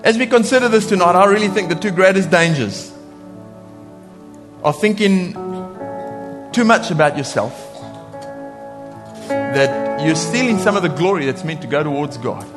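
A man preaching a sermon in a lively way, laughing often and acting out voices when he quotes people. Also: high-pitched, normal speed, pauses often, music in the background.

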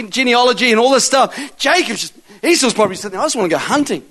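A man preaching a sermon, telling a testimony story and acting out the dialogue before building to forceful exhortation. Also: very high-pitched, animated, fast, few pauses.

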